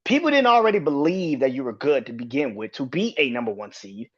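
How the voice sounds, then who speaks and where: A man hosting a solo sports podcast, talking in an animated, profane, exasperated way. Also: medium pitch, brisk, breathy edge, lo-fi sound. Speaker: podcast host. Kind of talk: solo sports commentary rant.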